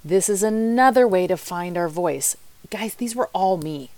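A woman's voice: lowish voice, animated, a little slow, darkish tone, no room sound. A woman life coach giving motivational podcast talk, chatty and candid, speaking straight to her listeners.

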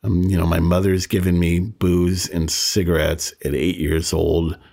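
A man's voice: low voice, little pitch movement, a little slow, creaky, a little mellow. A man in his sixties hosting a podcast, telling a personal story in a candid, self-deprecating way and chuckling as he remembers. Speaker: podcast host.

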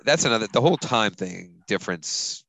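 A man's voice: fairly low pitch, animated, moderate pace, gravelly, sharp tone, dry recording, rough recording. A man hosting a casual sports podcast, rambling loosely and chuckling as he talks. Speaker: podcast host.

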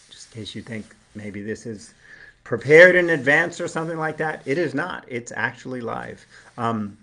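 A man's voice: medium pitch, fairly bright tone. Man, relationship coach, live talk, earnest, explaining step by step. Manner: earnest, explanatory, acts out little dialogues.

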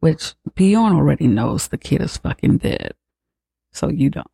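A man's voice: a little high, sing-song, unhurried, vocal fry, dark tone, husky, dry recording. A man hosting a podcast, retelling a film in a casual, profane, sarcastic way. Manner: profane, sarcastic, slangy storytelling. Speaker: podcast host recapping a film. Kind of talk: casual movie recap.

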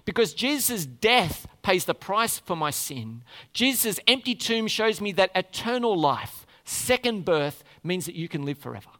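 Man, sermon, lively swooping delivery, questions to the congregation, long hall reverb. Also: sits high, unhurried, few pauses. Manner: animated, asks the congregation questions. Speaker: preacher.

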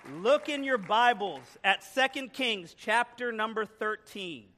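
High bright-voiced male preacher. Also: slow, some chatter behind, slight background noise. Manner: animated storytelling with joking asides. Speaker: guest preacher. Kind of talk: sermon. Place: church sanctuary.

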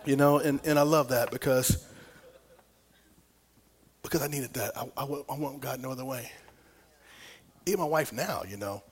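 A middle-aged man preaching a sermon, telling a personal story with big swings from whispers to loud, laughing exclamations. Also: mid-range voice, normal speed, long pauses, husky. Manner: animated storytelling, dropping to whispers and rising to near shouts.

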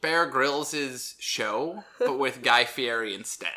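A man's voice: medium pitch, takes it slowly, crowd noise. A man co-hosting a casual game review podcast, making dry joking asides. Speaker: podcast co-host.

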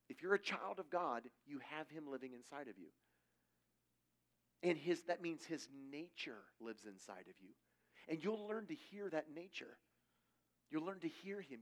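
Casual, storytelling man preaching. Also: on the high side. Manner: casual, animated storytelling with quoted voices. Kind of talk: conversational sermon with stories.

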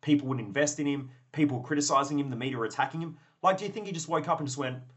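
A man's voice: on the high side, very fast, a bit bright. A man hosting a motivational podcast, blunt and profane, acting out both sides of imagined conversations. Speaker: podcast host.

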